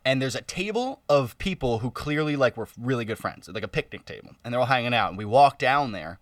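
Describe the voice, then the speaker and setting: A young man in casual conversation, an animated, self-deprecating storyteller. His voice sits in a middle range, dry and a little off the mic. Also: mid-range voice, brisk, no room sound, recorded from a distance. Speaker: podcast co-host. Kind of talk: casual chat.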